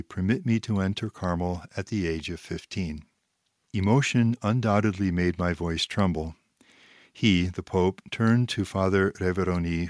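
A man reading a spiritual text aloud, pausing to comment in a measured, reflective way and stressing key phrases. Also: deep voice, no echo, studio quality.

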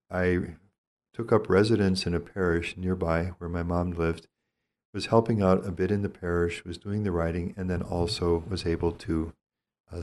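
An older man, a priest, giving a calm and reflective teaching talk on spiritual discernment. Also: low voice. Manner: calm, reflective, gently explanatory.

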